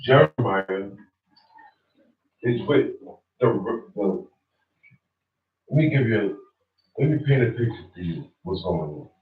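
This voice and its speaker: A man's voice: on the low side, lively intonation, takes it slowly, pauses often. A male teacher giving a sermon and reading scripture, explaining in a plain, preacherly way. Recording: dull echoey room from far off.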